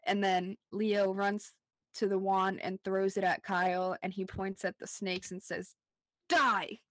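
A woman's voice: mid-range voice, flat delivery, measured pace, a bit bright, no room sound. A young woman co-hosting a rewatch podcast, recapping scenes in casual chat, laughing often and saying "like" a lot. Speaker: podcast co-host.

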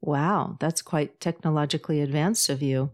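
Gracious, playful woman, low-voiced, read by a woman narrator. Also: moderate pace, close to an everyday voice. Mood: teasing. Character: gracious grateful woman, lighthearted.

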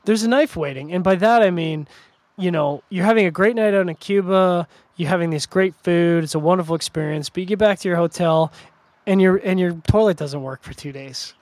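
A middle-aged man from Canada chats casually on a podcast, wandering through stories with lots of "you know" and restarts. His voice sits a little high for a man. The sound is dry and close, with no room around it. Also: fairly quick, a little mellow, no room sound. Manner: rambling storyteller with frequent restarts and fillers. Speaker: podcast co-host. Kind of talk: casual chat.

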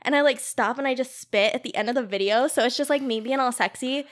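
A woman's voice: fairly high pitch, quick pace. A young woman guest telling funny stories in a casual, giggly podcast chat, full of "like". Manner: giggly, storytelling with lots of "like". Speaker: guest, cam model.

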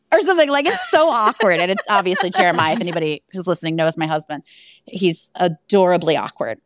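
Woman, escape room owner, animated storyteller, mid-pitched voice, dry close sound. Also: brisk, no echo. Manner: animated, laughs through stories. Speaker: guest. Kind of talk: casual storytelling interview.

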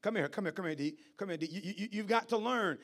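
A man preaching a fiery sermon, stammering and repeating words as he builds to shouts, calling out to members of the congregation. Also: high voice, fast.

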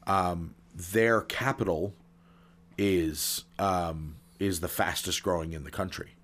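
A man's voice: deep voice, fairly even intonation, slow pace, fairly bright tone. A man co-hosting a casual podcast, rambling with many fillers and setting up pun jokes. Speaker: podcast co-host. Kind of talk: casual chat.

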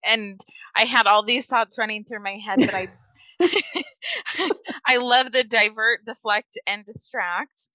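A woman, a mother hosting a casual podcast chat, emotional and quick to laugh as she retells conversations. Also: on the high side, animated, no room sound. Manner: warm, emotional, laughs often, retells dialogue.

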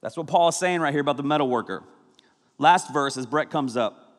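A man preaching a sermon as a youth pastor, energetic and jokey, mixing scripture with personal stories. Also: mid-range voice, brisk. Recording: reverberant hall with music behind.

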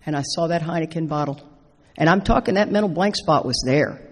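A middle-aged woman speaking at a recovery meeting, telling stories with playful, animated asides. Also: sits low, fairly quick. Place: large meeting hall. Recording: echoey hall with long reverb.

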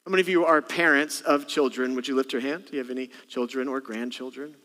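A man's voice: mid-range voice, fairly even intonation, fast talker, few pauses, a bit bright. A male senior pastor giving a Christmas Eve sermon in a church, preaching with animation and acting out little parent and child exchanges. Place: church sanctuary. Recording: long church hall reverb.

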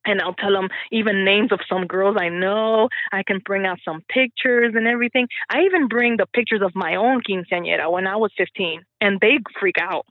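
A woman's voice: medium pitch, fairly even intonation, moderate pace, hardly any pauses, no echo. A woman from the Dominican Republic, a teacher, talking in an interview over the phone, chatty and laughing often. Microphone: telephone. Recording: tinny phone line.

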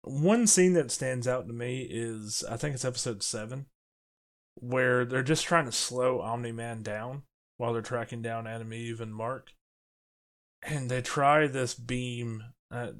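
A man co-hosting a casual podcast discussion, talking animatedly and slipping into quick character quotes as he explains scenes. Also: mid-range voice. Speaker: podcast co-host.

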